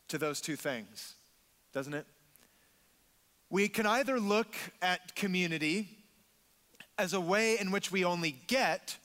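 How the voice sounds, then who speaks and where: A man's voice: high-pitched, pushed and bright, in a large hall. A man preaching a sermon in a church, emphatic, repeating words and acting out quotes. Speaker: pastor.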